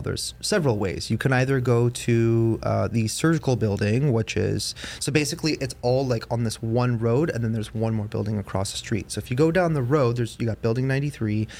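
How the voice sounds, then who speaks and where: A man's voice: medium pitch, animated, a little fast, vocal fry, few pauses, a little mellow. A man hosting a podcast, telling a long ghost story in casual chat, full of fillers and restarts. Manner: rambling, lots of fillers and restarts. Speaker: podcast host.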